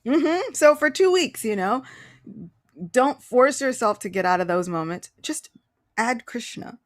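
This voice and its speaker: A woman's voice: on the high side, animated, measured pace. A woman hosting a podcast, telling a story in casual slang with frequent laughter. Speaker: podcast host.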